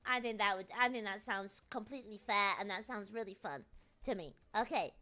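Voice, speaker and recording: A woman's voice: mid-range voice, a little fast, bright, forceful tone. A British woman streamer chatting casually and playfully with her viewers, full of jokey asides. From Britain. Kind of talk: casual live-stream chat.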